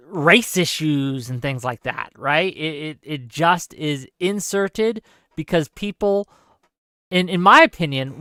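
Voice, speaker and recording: Smooth-voiced male host, dry and close. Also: fairly high pitch, sharp tone, no room sound. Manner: emphatic, restarts his thoughts. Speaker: show host. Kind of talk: casual political chat.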